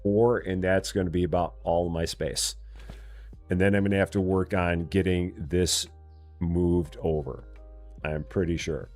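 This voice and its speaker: Chatty low-voiced male game streamer. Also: steady tone, unhurried, darkish tone, soft background music. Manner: chatty, talks to himself and chat, jokey mock voices. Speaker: streamer playing a store simulator. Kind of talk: casual live-stream commentary.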